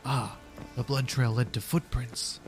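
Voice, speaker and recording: A man chatting casually on a stream, musing in a rambling, deadpan way. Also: medium pitch, a little slow, soft background music.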